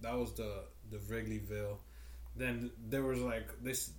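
A man's voice: fairly low pitch, fairly even intonation, measured pace, reverberant, a little hiss or hum. A man co-hosting a podcast, telling stories in a rambling, laid-back casual chat. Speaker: podcast co-host.

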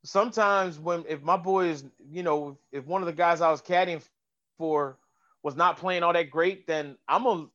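Animated storytelling man, lo-fi sound. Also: on the high side, moderate pace. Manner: animated, swears, acts out voices in anecdotes. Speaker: golf caddy and comedian. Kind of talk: casual podcast storytelling.

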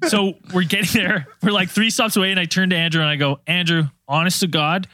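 A man co-hosting a podcast, telling an embarrassing story in an animated, dramatic way with acted-out panic. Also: high voice, brisk, no room sound. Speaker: podcast co-host. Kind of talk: comic storytelling among friends.

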